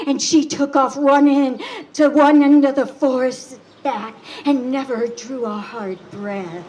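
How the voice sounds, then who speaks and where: A woman telling a fable at a rally, slow and dramatic, sometimes dropping to a whisper. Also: high voice, darkish tone, slight background noise, low-quality recording. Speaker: storyteller at a rally. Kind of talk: oral storytelling, fable.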